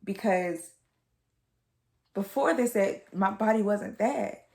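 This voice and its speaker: Her mid-range, slightly mellow voice carries vocal fry and takes its time, and the recording sounds roomy. She's a twenty-something American vlogger opening up to viewers about something personal, emotional and frank, full of fillers and repetitions, with moments of tears.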